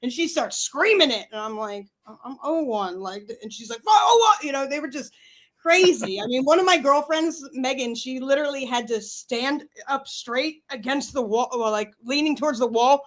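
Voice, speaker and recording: Podcast guest: young woman, high voice, rapid rambling swear-heavy anecdotes. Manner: fast, rambling, profane. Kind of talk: casual storytelling chat.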